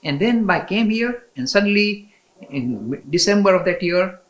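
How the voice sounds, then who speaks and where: A man's voice: high-pitched, lively intonation, measured pace, fairly bright tone, poor audio. A man telling spiritual stories as an interview guest, enthusiastic, often laughing and restarting his sentences. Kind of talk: storytelling in a conversation.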